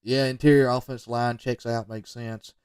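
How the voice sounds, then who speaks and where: A man commenting off the cuff on football highlight film, rambling into joking asides and talking straight to the players. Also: level tone, moderate pace, darkish tone, smooth, dry recording, clean studio sound, recorded from a distance. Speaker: football recruiting video reviewer.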